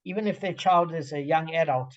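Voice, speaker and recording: A man's voice: a little high, fairly quick, highs cut off. A man leading a group through a Talmud page, thinking aloud with many fillers and restarts over a video call. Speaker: Talmud study leader. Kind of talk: explaining a Talmud page to friends.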